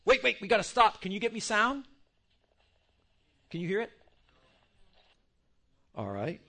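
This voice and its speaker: High-voiced, lively preacher man. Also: a little slow. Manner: rambling, joking asides. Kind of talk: sermon. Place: church in Texas.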